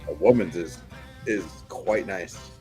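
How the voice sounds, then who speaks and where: A man's voice: deep voice, takes it slowly, dark tone, soft background music. Rambling, easygoing co-host, man. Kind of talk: casual chat.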